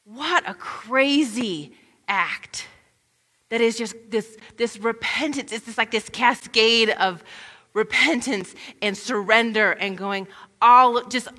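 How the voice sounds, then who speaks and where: A woman giving an expressive Bible teaching, acting out the scenes she describes. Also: fairly high pitch, measured pace, in a large hall. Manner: expressive, acts out scenes in quoted voices.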